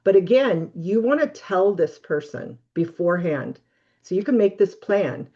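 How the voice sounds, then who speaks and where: A woman guest giving steady, practical advice in a webinar interview over a video call. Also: mid-range voice, a little slow, lo-fi sound. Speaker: guest expert on relationships.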